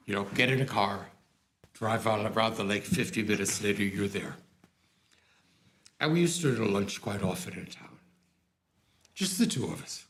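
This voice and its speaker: An older man with a lowish voice tells personal stories to an audience. He talks anecdotally, slipping into the voices of the people he quotes with sudden jumps in pitch. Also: fairly bright tone. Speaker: former opera music staff head, speaker. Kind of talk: storytelling talk to an audience.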